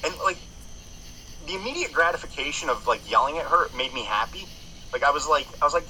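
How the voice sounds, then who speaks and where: A man talking casually on a podcast, with a very bright, sharp-edged tone and a pitch that swings up and down a lot. He rambles through stories, swears freely and restarts his sentences often. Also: big pitch swings, fairly quick, slight background noise, low-quality recording. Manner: profane, rambling storyteller with many restarts. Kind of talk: casual chat.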